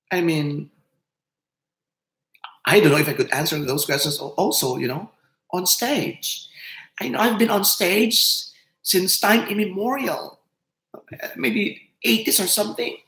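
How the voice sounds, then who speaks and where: With a Filipino accent, a host in their fifties chats casually on a livestream, laughing often and switching between English and Tagalog. The medium-pitched, slightly bright voice takes its time, with long pauses, and the recording has a roomy echo.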